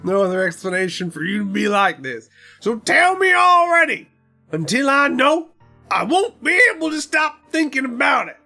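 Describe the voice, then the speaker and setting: A young male student blurting out melodramatic lines, lurching from deep mutters to shouted outbursts, as a woman acts him out. His delivery is loud and over the top, over faint game music. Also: big pitch swings, normal speed, gravelly, heavily acted. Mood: insistent.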